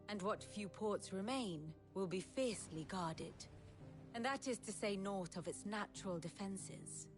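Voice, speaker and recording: A woman's voice: medium pitch, natural voice. Vivian, a wry learned advisor, voiced by a woman. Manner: measured, wry, explanatory. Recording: game music behind.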